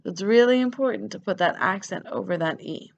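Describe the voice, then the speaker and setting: A woman's voice: medium pitch, a little fast, creaky, muffled recording. A woman teaching French grammar, patiently spelling out verb endings letter by letter. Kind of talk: grammar lesson.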